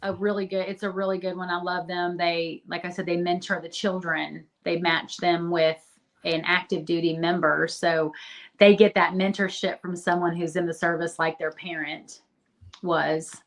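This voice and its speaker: A woman with a somewhat low voice speaks as a podcast guest. She talks in a casual, earnest way and encourages listeners as she shares advice. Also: flat delivery, moderate pace. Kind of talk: podcast interview.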